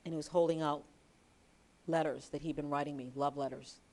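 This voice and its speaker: A woman author and TV news reporter giving a library lecture, telling lively anecdotes with chatty asides and reading from her book. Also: low-pitched, fairly quick.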